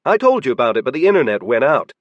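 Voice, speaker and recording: A man doing an excitable young woman. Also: mid-range voice, fast, dry recording, muffled recording, natural voice. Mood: eager. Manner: excited, breathless exclaiming.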